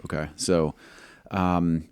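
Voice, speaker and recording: A man who served as a military pilot, telling a combat story in an interview, measured and halting, acting out quoted dialogue. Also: low-pitched, little pitch movement, a little mellow, clear, resonant tone, no room sound, clean studio sound.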